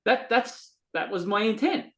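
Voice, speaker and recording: Animated father telling a story. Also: high-pitched, measured pace, low-quality recording. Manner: animated, acts out quoted dialogue, frequent restarts. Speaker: podcast guest. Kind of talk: casual conversational storytelling.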